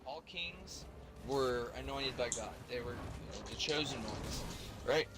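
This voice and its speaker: A man's voice: medium pitch, unhurried, background noise. An American man chatting casually on a stream, rambling and profane, with many restarts. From United States.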